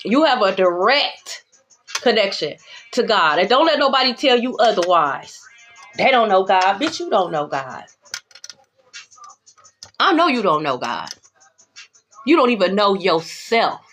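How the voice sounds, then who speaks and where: A woman giving a spiritual tarot reading to her viewers, blunt and profane, swinging between calm reassurance and heated calling-out. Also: medium pitch, measured pace, long pauses. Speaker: tarot reader. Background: background music.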